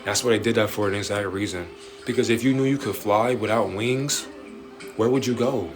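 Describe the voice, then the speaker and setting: A man hosting a late-night livestream, preaching in an animated way with slangy street talk and swearing. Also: fairly low pitch, normal speed. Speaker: livestream host answering viewer questions. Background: faint music playing in the background.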